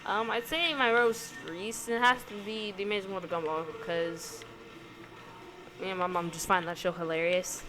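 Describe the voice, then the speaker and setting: A woman's voice: medium pitch, fairly even intonation, moderate pace. A woman vlogger reading questions aloud and answering them in casual chat, rambling and hesitant with many fillers. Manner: rambling, hesitant, lots of ums and likes. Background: background music.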